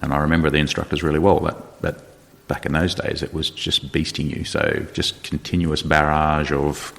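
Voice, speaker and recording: A middle-aged man, a retired soldier, telling stories in a relaxed, conversational way as a podcast guest. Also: a bass voice, moderate pace, creaky. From Australia. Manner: relaxed storyteller, retells dialogue, light laughs. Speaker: guest, retired special forces sergeant major. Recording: reverberant room.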